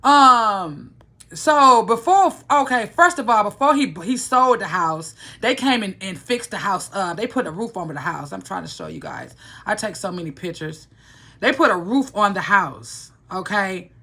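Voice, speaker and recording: A woman's voice: mid-range voice, animated, normal speed, pushed and bright. A woman telling a personal story to the camera in a rambling, profane, heated way. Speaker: vlogger. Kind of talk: casual storytelling vlog.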